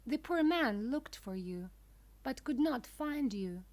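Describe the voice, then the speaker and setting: Lady doing a kind helpful parrot in a kids' story, gentle questions, slow. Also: high voice, expressive. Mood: kindly. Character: kindly helpful talking parrot.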